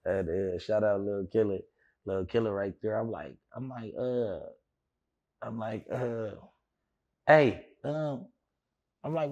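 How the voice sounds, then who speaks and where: A man being interviewed tells a long, rambling story in casual fashion, full of fillers and restarts, acting out what other people said. His mid-range voice moves at normal speed with a darkish tone, and the audio is dull.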